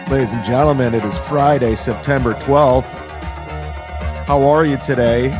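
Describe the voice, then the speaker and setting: A man hosting a livestream commentary show, announcing loudly like a showman. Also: medium pitch, fairly even intonation, normal speed, music in the background. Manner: loud showman announcer delivery. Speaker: host.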